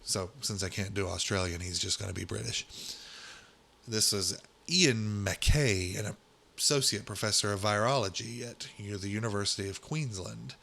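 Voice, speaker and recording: A man's voice: lowish voice, normal speed, fairly bright tone. A man hosting a solo commentary podcast, talking in a sarcastic, exasperated rant that keeps climbing into incredulous outbursts. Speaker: podcast host.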